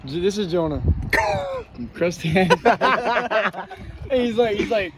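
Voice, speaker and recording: A young man hosting a vlog, loud and profane, telling mocking stories in casual chat with friends. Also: high-pitched, wildly swooping pitch, unhurried, crowd noise. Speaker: vlog host.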